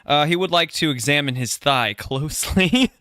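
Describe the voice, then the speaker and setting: A man's voice: fairly high pitch, animated, moderate pace, sharp tone, smooth, no echo, studio quality. A man playing a tabletop game, joking and laughing with his friends. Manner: laughing, jokey. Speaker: player.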